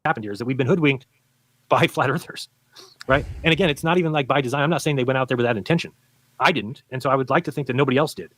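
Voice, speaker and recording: Very fast-talking man arguing a point. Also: mid-range voice, fairly bright tone. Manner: rapid, insistent explaining with quoted voices. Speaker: debate guest, former flat earther. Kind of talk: debate argument played from a recorded stream.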